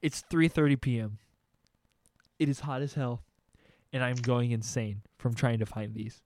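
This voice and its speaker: A young man telling a comedic story on a podcast, animated and profane, acting out sounds and quotes. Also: medium pitch, normal speed.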